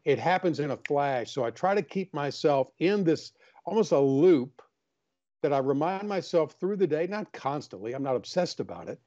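A man's voice: a little high, big pitch swings, moderate pace, warm tone, lo-fi sound. An older man, an author talking earnestly in a casual interview and acting out small anecdotes. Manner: earnest, storytelling, acts out voices in anecdotes. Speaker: author and guest.

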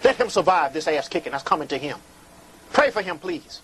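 A man's voice: fairly high pitch, very animated, a little fast, a bit bright, a little hiss or hum, low-quality recording. A man hosting a live call-in show, talking in a theatrical, preachy way and calling callers "honey".

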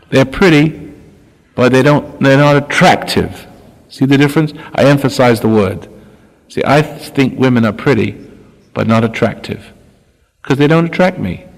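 Older man with a gravelly halting voice. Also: medium pitch. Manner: halting, repeats and restarts words. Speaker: spiritual teacher. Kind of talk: recorded spiritual talk. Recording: long hall reverb.

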